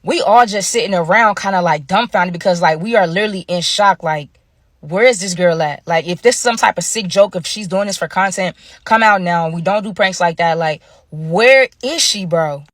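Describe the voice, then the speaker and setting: A woman's voice: lowish voice, moderate pace, dry recording. Woman telling a storytime, dry sound. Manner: chatty, slangy, addresses viewers directly. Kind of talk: casual storytime narration.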